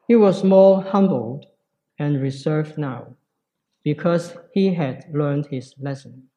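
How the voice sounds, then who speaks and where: Man, preacher, sermon, slow, reflective, slightly high voice. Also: warm tone, low-quality recording.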